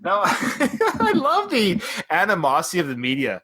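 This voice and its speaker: A podcast host from Canada chats about a boxing film in a bright, forward voice. His pitch bounces freely as he quotes and riffs. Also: husky. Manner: animated, quick to laugh and quote. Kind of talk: casual chat.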